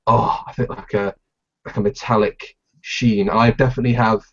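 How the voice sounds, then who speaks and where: A man co-hosting a casual live podcast, talking in a halting, playful way with lots of restarts. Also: on the low side, fairly even intonation, fairly bright tone, dull audio. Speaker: podcast co-host.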